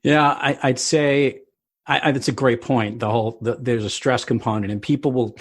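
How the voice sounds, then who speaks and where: A man's voice: mid-range voice, steady tone, moderate pace, slightly rough, dry recording. A man hosting a podcast interview, thinking aloud with restarts. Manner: thoughtful, rambling, with restarts. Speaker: podcast host.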